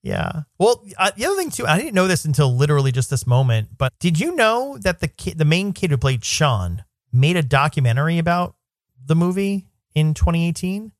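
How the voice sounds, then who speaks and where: A man's voice: a little high, very animated, fairly quick, no room sound, studio quality. Man musing aloud on a podcast. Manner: thoughtful, reasons things out aloud. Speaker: podcast co-host. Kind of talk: casual chat about a movie.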